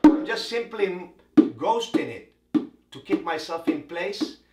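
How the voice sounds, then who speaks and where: A man's voice: high-pitched, big pitch swings, slow pace. Man teaching bongo, roomy echo. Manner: explains step by step, counts beats aloud. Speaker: percussion instructor. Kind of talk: instructional demonstration. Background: bongo drums and faint music.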